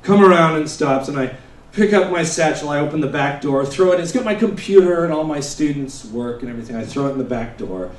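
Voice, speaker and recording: Brief: male stand-up comic, loose rambling storyteller who bursts into shouted bits, echoey live-venue sound. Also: on the high side, expressive, fast talker. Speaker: stand-up comedian. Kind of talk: stand-up comedy set. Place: comedy stage before a laughing audience. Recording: roomy live venue, mic heard from a distance.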